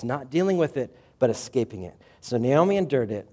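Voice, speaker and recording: A male pastor giving a sermon, retelling a scripture story dramatically and swinging between loud and hushed passages. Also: mid-range voice, sing-song, brisk, few pauses.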